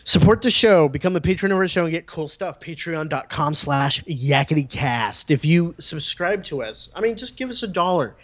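A man's voice: fairly high pitch, animated, moderate pace, hardly any pauses, no room sound. Joking man hosting a podcast. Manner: joking, rambling, laughs often. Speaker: podcast host. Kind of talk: casual podcast chat.

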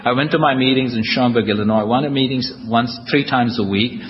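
Brisk and medium-pitched, a man recounts his recovery in a funny, self-deprecating talk before a live convention audience. His storytelling is wry. The large hall sounds echoey on a dull lo-fi tape, with a little background noise.

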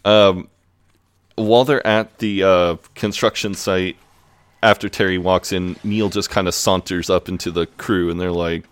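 A man recapping a TV episode on a casual podcast, retelling scenes in a relaxed way. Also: sits low, unhurried, smooth, no room sound. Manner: relaxed retelling, quoting characters in plain voice. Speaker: podcast co-host.

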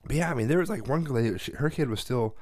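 A man's voice: medium pitch, fast talker, a little mellow, no room sound, studio quality. A man co-hosting a podcast in casual chat, ranting and swearing freely as he tells a story. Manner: profane, ranting. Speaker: podcast co-host.

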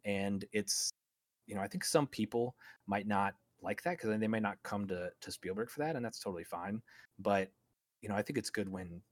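Enthusiastic low-voiced man on a podcast. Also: moderate pace, no room sound. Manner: enthusiastic, rambling retelling with many restarts. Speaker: podcast co-host. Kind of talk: casual film podcast monologue.

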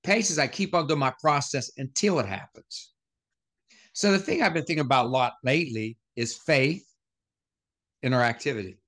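A man's voice: mid-range voice, animated, moderate pace, a bit bright. A man speaking as a motivational speaker, telling stories as a podcast guest and firing off short rhetorical questions. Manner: punchy rhetorical questions, anecdotal.

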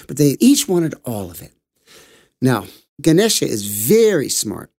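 A man telling a bedtime story for children, gentle and animated, jumping into character voices. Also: a little high, brisk, slightly rough, no echo, clean studio sound.

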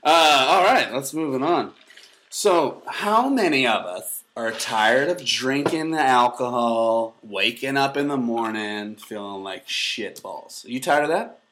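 Co-hosting a casual podcast, a man in his thirties jokes around and swears freely, coming across as animated and crude. His voice is medium-pitched and a little slow.

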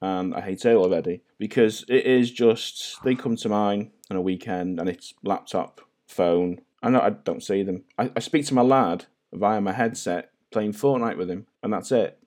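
A man in his forties with a North Welsh accent that leans Scouse, talking in a fairly low voice. He chats as a podcast guest over a video call and tells rambling, self-deprecating stories. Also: normal speed, few pauses, a little mellow. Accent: North Welsh with a Scouse-like twang. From North Wales. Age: 40s. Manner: chatty, self-deprecating storyteller. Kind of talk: casual chat.

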